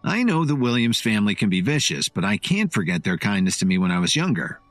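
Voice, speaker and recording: A man's voice: lowish voice, very animated, fast talker, dry recording, soft background music. A man doing an earnest young man. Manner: earnest, explaining.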